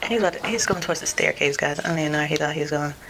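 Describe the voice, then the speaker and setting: Chatty young woman, gravelly low voice. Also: racing. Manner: rambling, says "like" constantly, laughs often; acts out her mom's voice in quotes. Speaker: vlogger. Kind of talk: chatty get-ready-with-me vlog. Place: at home. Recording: noisy home recording.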